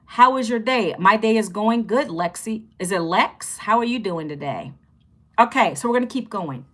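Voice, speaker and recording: A woman's voice: medium pitch, expressive, moderate pace, a bit bright. A woman in her fifties hosting a casual livestream, chatty and upbeat, greeting viewers and repeating phrases as she teaches. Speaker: livestream host teaching online income.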